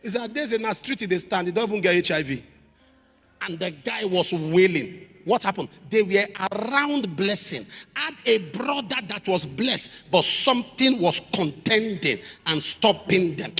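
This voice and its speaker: Male preacher, dramatic storyteller, lively high pitch, long hall reverb. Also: measured pace, breathy edge. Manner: dramatic, acts out quoted voices, builds to shouted prayer. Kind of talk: sermon with storytelling. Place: church.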